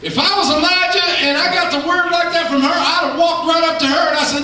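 A preacher delivering an animated, emphatic sermon. His high voice swings from shouts down to low asides and booms around a very reverberant hall. He sounds somewhat distant from the mic, with faint noise beneath. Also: brisk, hardly any pauses. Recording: echoey hall, heard from far off.

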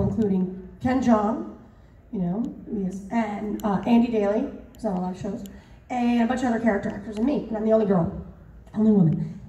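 A woman voice actor telling stories at a convention panel, animated and laughing, with many fillers. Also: mid-range voice. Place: large convention hall. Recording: roomy hall, mic far off.

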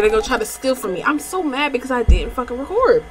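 A woman's voice: high voice, quick pace, music in the background. A woman hosting a gameplay video, talking casually with lots of slang and swearing as she plays. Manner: loud, profane, slangy and animated. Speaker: gaming video host.

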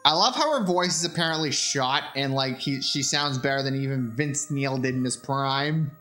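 A man giving relaxed, rambling commentary as he plays through a game. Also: medium pitch, moderate pace, soft background music. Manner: relaxed, rambling, with fillers and swearing. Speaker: gamer. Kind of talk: casual game walkthrough commentary.

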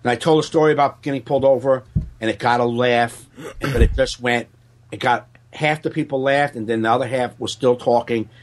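A man's voice: mid-range voice, fairly quick. A man, a stand-up comedian, telling a story in casual podcast chat, swearing and acting out other people's voices. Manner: profane, animated, acts out other people's voices.

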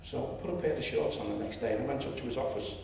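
A man in his seventies with a Liverpool accent, telling a story at a public meeting and rising to loud indignation. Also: medium pitch, rapid-fire, gravelly, slight background noise. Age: 70s. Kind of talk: impassioned public speech. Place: lecture hall. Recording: echoey hall, distant mic.

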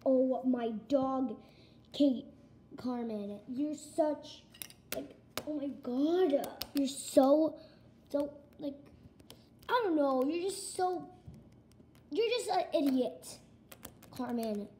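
A woman's voice: high-pitched, takes it slowly, long pauses, dark tone, slight background noise. A female performer voicing a scolding, exasperated pet mother in a toy-pet home video role-play.

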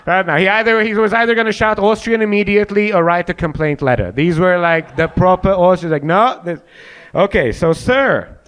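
A man's voice: sits high, fairly quick, hardly any pauses, a bit bright, smooth. A young man doing stand-up crowd work, riffing with the audience and acting out mocking voices in a comedy club. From Hungary and South Africa.

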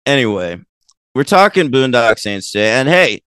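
A man's voice: medium pitch, very animated, normal speed, fairly bright tone, clear, resonant tone, no echo. Dry, teasing man hosting a podcast. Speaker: podcast host. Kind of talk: casual podcast chat.

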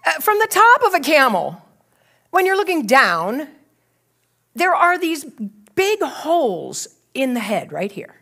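Animated, laughing woman preacher in her sixties. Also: high voice, unhurried, pauses often. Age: 60s. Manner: animated and laughing, acting out her own story. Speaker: pastor. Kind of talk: sermon storytelling.

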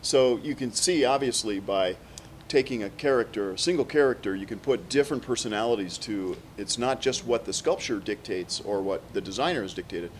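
A man hosting a casual interview, enthusiastic and quick to laugh. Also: on the low side, slight background noise. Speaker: host, puppet designer.

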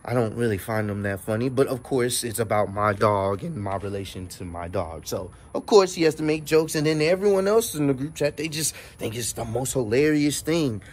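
A man's voice: mid-range voice, expressive, moderate pace, few pauses. A man hosting his own vlog, talking casually and with exasperation, swearing freely. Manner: exasperated, profane, conversational. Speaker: vlog host. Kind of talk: casual rant to camera.

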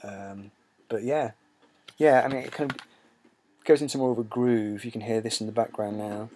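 A man's voice: fairly low pitch, fairly even intonation, normal speed, darkish tone. A man hosting a casual talk about records, rambling with many fillers. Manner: rambling, many ums and uhs. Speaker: host. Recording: music playing behind.

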